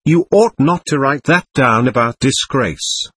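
A man's voice: medium pitch, animated, a little slow, fairly bright tone, slightly rough, no room sound. A man voicing a proud, defiant accused man. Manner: bitter, proud and scornful. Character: proud, defiant young man under questioning. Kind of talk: audiobook character reading.

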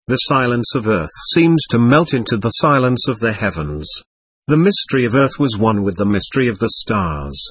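A man narrating a literary audiobook in an expressive, dramatic reading. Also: medium pitch, normal speed, slightly rough, dry recording.

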